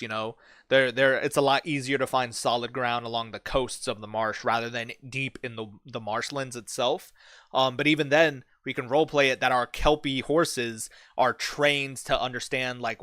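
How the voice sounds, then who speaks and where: Male livestream host, swears freely and spins hushed dramatic tales, dry close mic. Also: medium pitch, no room sound. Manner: profane, animated, storytelling with dramatic hushed build-ups. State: bit his cheek, sore mouth. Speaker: livestream host reading chat. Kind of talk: casual livestream chat.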